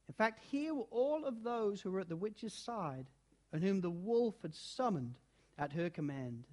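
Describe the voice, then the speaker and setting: A man reading a children's storybook aloud in an expressive, dramatic way, shifting between loud and hushed passages. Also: high voice, unhurried. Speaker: narrator.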